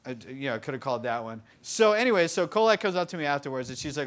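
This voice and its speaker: A man in his twenties telling stories in a casual interview, animated, full of fillers and laughing often. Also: fairly high pitch, fast. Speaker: interview guest. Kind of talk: casual storytelling. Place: bookstore event.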